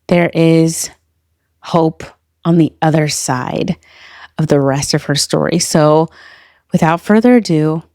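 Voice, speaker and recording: Low-voiced woman hosting a podcast. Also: darkish tone, no echo, clean studio sound. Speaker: podcast host. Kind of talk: scripted podcast intro.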